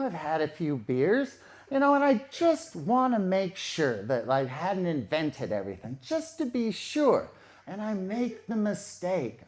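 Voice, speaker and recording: A man telling a true story in a casual, conversational way, repeating phrases for effect. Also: high voice.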